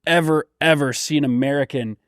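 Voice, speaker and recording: A man's voice: fairly high pitch, fairly even intonation, brisk, dry recording, studio quality. A man hosting a podcast, chatting casually and enthusiastically with a guest. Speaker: podcast host.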